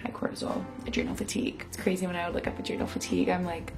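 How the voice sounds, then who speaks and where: A young woman chatting in a confessional vlog, talking fast and loose with lots of "like" and acted-out quotes. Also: lowish voice, sing-song, soft background music. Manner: chatty, lots of "like", quoting herself and others. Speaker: vlogger. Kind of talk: casual confessional vlog chat.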